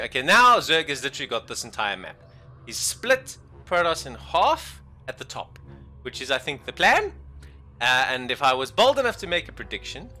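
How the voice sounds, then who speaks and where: A man casting a strategy game match alone, excitable and jokey, dropping to mumbled asides and then bursting out loud. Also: extremely high pitch. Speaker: esports caster. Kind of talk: solo game commentary.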